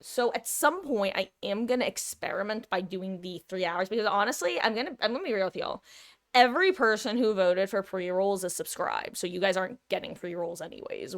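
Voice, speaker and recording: At her desk mic, a woman live-streamer addresses her chat in a chatty, rambling way, wandering between subjects, interrupting herself mid-thought, and laughing easily in between asides. Her pitch is an ordinary middle.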